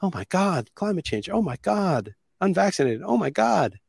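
A man's voice: sits high, sing-song, moderate pace, gravelly, a little mellow, slightly rough, dry recording, clean studio sound, pitched above the performer's own voice, exaggerated voice. A man voicing a panicky middle-aged woman who keeps gasping the same exclamation. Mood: alarmed. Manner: breathless repeated gasping exclamations.

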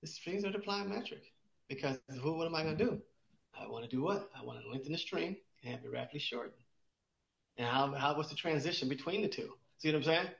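This animated, fast-talking man has a gravelly, fairly bright voice on the high side. He co-hosts a podcast, explaining exercise as an expert in casual chat with many restarts and rhetorical questions to himself. The audio is roomy, dull and lo-fi.

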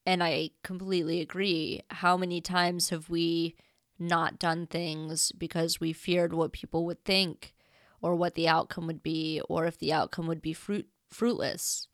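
A woman's voice: fairly low pitch, level tone, measured pace, dry recording, clean studio sound. A woman hosting a podcast in a casual, gushing and heartfelt monologue, with a tearful edge. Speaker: podcast host.

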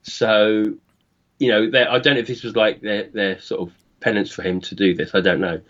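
A man's voice: lowish voice, steady tone, normal speed, fairly bright tone. A man from the UK, a guest on a film podcast, talking hesitantly and searching for his words. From United Kingdom. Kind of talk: casual film discussion. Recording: slightly dull lo-fi sound.

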